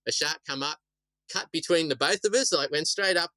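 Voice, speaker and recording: A man's voice: on the high side, fairly quick, pushed and bright, no room sound, poor audio. A middle-aged Australian man, a shark attack survivor, telling stories casually in a rambling way, often repeating words. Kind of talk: casual storytelling interview.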